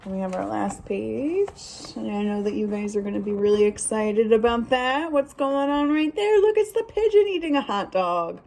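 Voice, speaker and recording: A woman teacher reading a picture book aloud to young students, animated and instructive, then giving them a drawing task. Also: a little high, moderate pace, vocal fry, hardly any pauses, slight background noise, poor audio.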